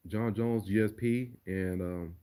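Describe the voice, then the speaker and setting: Laid-back man with a lowish voice. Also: steady tone, a little slow, warm tone, clear, resonant tone. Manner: laid-back, profane, repeats words while thinking. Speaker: livestreamer and remix producer. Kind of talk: casual livestream Q&A.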